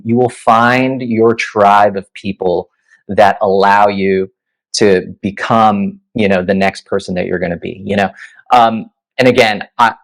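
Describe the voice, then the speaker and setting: This guest musician, a man in his thirties, has a fairly low-pitched voice captured on a rough recording. He shares lively anecdotes in an easygoing interview, leaning heavily on "like" and "you know."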